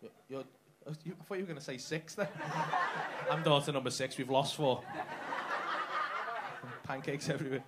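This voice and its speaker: A man working a comedy club crowd, high and lively in pitch, swearing and mocking as he rants. His voice swings up and down constantly. The live recording carries a clear layer of noise. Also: normal speed, long pauses. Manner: sweary, mocking, ranting, laughs mid-line. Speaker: stand-up comedian doing crowd work. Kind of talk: live stand-up crowd work.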